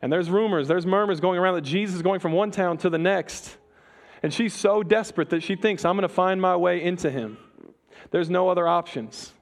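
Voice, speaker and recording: A man preaching a sermon, retelling a story with dramatic pauses and humor. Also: on the high side.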